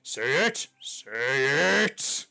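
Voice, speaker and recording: A man voicing a burly eagle-like elder, a boisterous warrior with a huge booming voice. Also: sing-song, very slow, vocal fry, full character voice. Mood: hearty booming. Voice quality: booming, loud.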